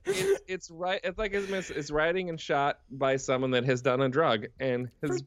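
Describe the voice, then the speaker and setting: A man's voice: a little high, expressive, moderate pace, no room sound. A man co-hosting a podcast, talking casually and enthusiastically about a film, swearing freely. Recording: dull, dry, lo-fi sound.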